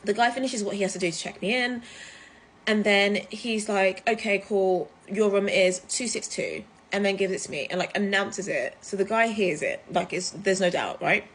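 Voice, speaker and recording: A woman from the UK, telling a story to camera in a chatty, animated way, full of fillers. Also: medium pitch, moderate pace, husky. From United Kingdom. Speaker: vlogger. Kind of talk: casual storytime vlog.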